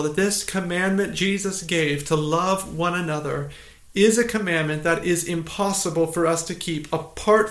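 A pastor giving a morning sermon, earnest and measured, asking rhetorical questions and repeating key points. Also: male voice, sits high, a bit bright, roomy sound.

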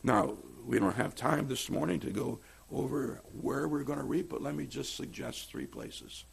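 Guy preaching a sermon, kinda raspy voice, pushes hard on the big lines then goes soft. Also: mid-range voice, lively intonation, moderate pace. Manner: swings between loud emphatic stress and quiet asides. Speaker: pastor.

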